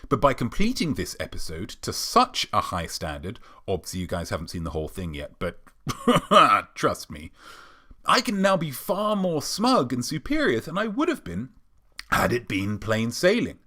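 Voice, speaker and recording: A man's voice: fairly low pitch, pushed and bright. A British man hosting a weekly live show alone, delivering a sarcastic, mock-smug comedic monologue. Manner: sarcastic, mock-smug, playfully self-aggrandizing.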